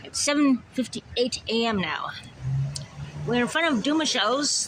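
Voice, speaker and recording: A slightly hoarse live-stream vlogger, freshly woken, chatting casually and repeating words while walking a city street outdoors, filmed on a handheld phone. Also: mid-range voice, animated, moderate pace, fairly bright tone, a little hiss or hum, rough recording. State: a bit hoarse, just woke up. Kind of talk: casual walking livestream chat.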